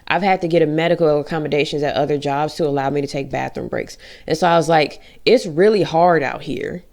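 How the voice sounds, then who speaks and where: A woman's voice: low-pitched, a little mellow. Blunt, swearing woman vlogger. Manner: blunt, frequent swearing, acts out quoted dialogue. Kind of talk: candid personal vlog.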